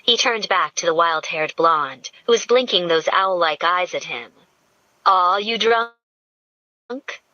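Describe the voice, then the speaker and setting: A woman narrating an audiobook in a slow, measured storytelling manner. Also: lowish voice, animated, sharp tone, no room sound. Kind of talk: scripted narration. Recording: dull lo-fi dry audio.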